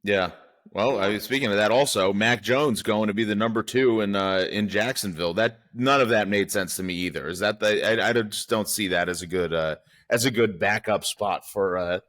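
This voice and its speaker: A man's voice: fairly low pitch, a little fast, fairly bright tone. A man co-hosting a casual sports podcast, talking hesitantly with stammers and frequent laughs. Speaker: podcast co-host.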